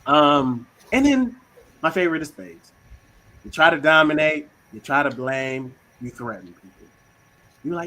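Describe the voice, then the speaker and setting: A man hosting a casual talk on communication styles, slangy and animated, acting out little quoted voices. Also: on the high side, moderate pace, pauses often, poor audio. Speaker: host.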